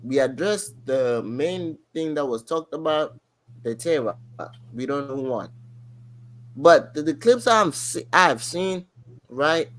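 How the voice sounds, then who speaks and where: Rambling, animated podcast co-host man. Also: on the high side, takes it slowly. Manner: animated, rambling storyteller with lots of fillers. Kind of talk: casual podcast chat.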